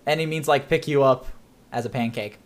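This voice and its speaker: A man's voice: medium pitch, brisk. Chatty man running a tabletop game. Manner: chatty, laughs often, loose and rambling. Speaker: game master.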